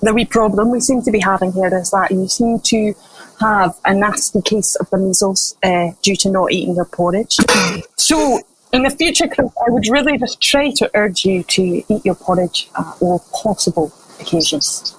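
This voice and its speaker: A woman's voice: medium pitch, moderate pace, a little hiss or hum, pitched below the performer's own voice, natural voice, poor audio. A woman putting on a Scottish accent to voice a doctor giving advice about porridge. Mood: advising. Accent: put-on Scottish.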